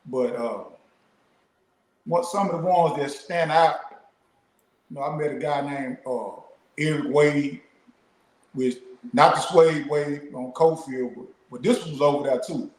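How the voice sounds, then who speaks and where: A man's voice: fairly high pitch, unhurried, long pauses. A middle-aged man, a guest, telling stories in a laid-back, casual way and peppering his speech with "man". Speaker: guest, former prisoner. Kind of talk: casual storytelling. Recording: roomy echo.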